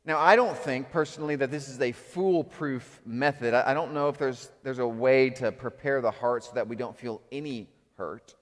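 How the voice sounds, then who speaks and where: A man preaching a sermon as pastor, animated, moving between loud acted outbursts and quiet reflective passages. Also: medium pitch, moderate pace, hardly any pauses, big-room sound. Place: church sanctuary.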